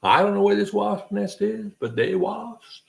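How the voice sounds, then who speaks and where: A man with a slightly high, gravelly voice chats casually as a livestream host. He spins a rambling, jokey story and acts out clicking noises as he goes. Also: big pitch swings, unhurried.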